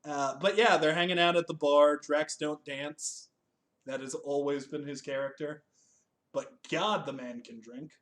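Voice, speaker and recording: A man's voice: a little high, fairly even intonation, unhurried, fairly bright tone. A man co-hosting a casual chat reviewing a TV special, laughing often, swearing and joking at his own expense. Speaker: podcast co-host.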